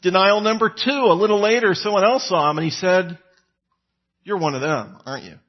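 Male preacher, slightly high husky voice, conversational sermon delivery, dull lo-fi sound. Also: fairly quick. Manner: conversational, acts out quoted lines with rising pitch and volume.

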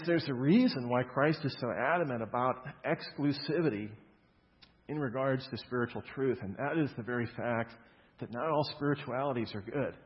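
A man preaching a sermon, explaining scripture with emphatic stresses on key words and casual conversational asides. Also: mid-range voice. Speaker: pastor. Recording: dull lo-fi sound with long hall reverb.

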